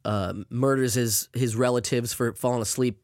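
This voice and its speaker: A man's voice: mid-range voice, normal speed, dry recording, clean studio sound. A man co-hosting a casual podcast, rambling and swearing freely as he tells stories. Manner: animated, rambling, swears often. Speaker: podcast co-host.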